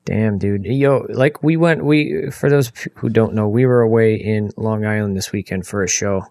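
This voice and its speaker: A man's voice: lowish voice, moderate pace, gravelly, darkish tone, no room sound, clean studio sound. Laid-back young man on a podcast. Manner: laid-back, agreeable, says "dude". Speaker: podcast co-host. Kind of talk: casual chat.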